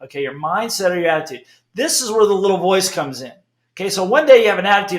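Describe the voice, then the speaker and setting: A middle-aged man giving an emphatic, animated motivational talk, often checking in with "okay?". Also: sits high, fast talker, reverberant, a little hiss or hum. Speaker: speaker.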